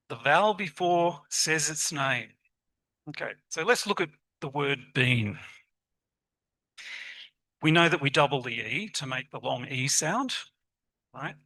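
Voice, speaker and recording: Bright-voiced man giving a lecture. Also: fairly high pitch, rough recording. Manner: lively, encouraging, asks the audience questions. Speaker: conference presenter on literacy teaching. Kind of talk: academic conference talk.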